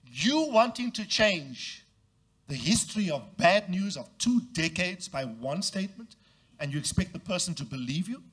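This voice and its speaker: A pastor with a husky, fairly bright voice preaches at a measured pace with lively intonation. He leads his congregation in repeating phrases and acts out the voices of people in the story, leaping widely in pitch for each quote.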